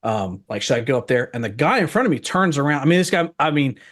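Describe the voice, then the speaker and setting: A man casually telling a story with lively, laughing retellings of an argument. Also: medium pitch, quick pace.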